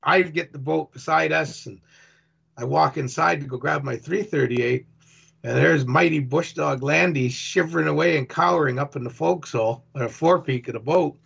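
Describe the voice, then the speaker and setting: A man rambles through a first-person story about his boat tour, animatedly acting out what people said. His voice is a little high, creaky and husky, at a normal speed, and the recording sounds dull and lo-fi.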